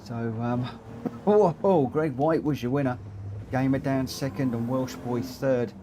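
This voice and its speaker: A man hosts a live racing game stream in an excitable, rambling way, his mouth running ahead of his brain. His voice sits at an ordinary middle pitch. Faint car noise hums quietly behind him. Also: unhurried. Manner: excitable and rambling, stumbles over words.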